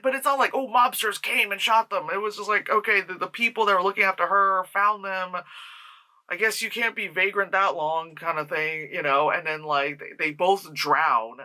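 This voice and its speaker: A movie reviewer from the New York tri-state area talking through a film in a rambling, profane, casual way, slipping into quick mock voices of the characters. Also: medium pitch, sharp tone.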